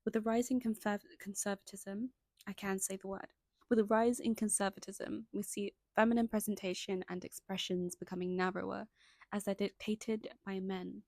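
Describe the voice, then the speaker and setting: A young woman narrates a scripted video essay in a mid-pitched voice with heavy vocal fry. She reads her points steadily, then drifts into chatty, self-conscious asides. The sound is close and dry. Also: level tone, normal speed, a little mellow, no echo. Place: indoors at home, lighting changing.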